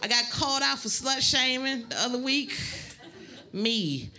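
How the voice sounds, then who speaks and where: A woman doing a stand-up comedy set, telling a story in a sassy way with big pitch jumps when she quotes people. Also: unhurried, heavy background noise.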